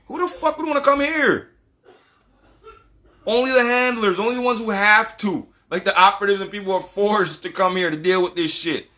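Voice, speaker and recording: Bright, animated profane ranting man. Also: sits high, normal speed. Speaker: channel host. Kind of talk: casual monologue.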